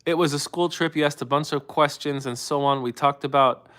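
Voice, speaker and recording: A man's voice: fairly high pitch, steady tone, brisk, a bit bright. A man in his thirties hosting a live stream, chatting loosely with viewers and answering their questions, rambling with many restarts. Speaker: livestream host. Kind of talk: casual live-stream talk answering chat.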